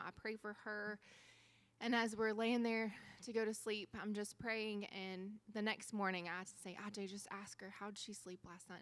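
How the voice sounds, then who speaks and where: Bright-voiced woman sharing a testimony. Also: medium pitch. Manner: animated storytelling with quoted dialogue. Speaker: missionary speaker. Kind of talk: church testimony.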